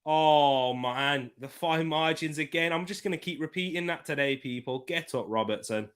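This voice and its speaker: A young man hosting a live football watchalong from a desk microphone, narrating the play and chatting with viewers, breaking into excited shouts at big chances. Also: on the high side, moderate pace, smooth. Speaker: watchalong host. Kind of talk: live match watchalong commentary.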